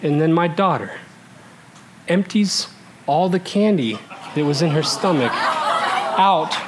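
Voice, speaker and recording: Lively high-voiced man telling a comic story. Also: takes it slowly. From Alaska. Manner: animated, laughing as he tells it, swooping between loud and hushed. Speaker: storyteller before a live audience.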